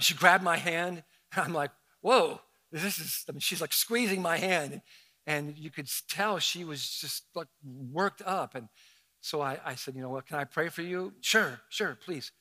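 Bright-voiced middle-aged pastor telling stories. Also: male voice, fairly high pitch. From Southern Ohio. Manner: conversational, animated storytelling with self-mocking asides. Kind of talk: sermon storytelling.

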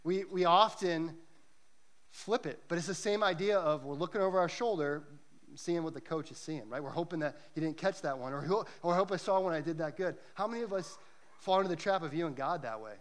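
Preaching to a church congregation, a pastor speaks briskly in a fairly high-pitched voice. He's earnest and emphatic, telling stories to make his points during the church service.

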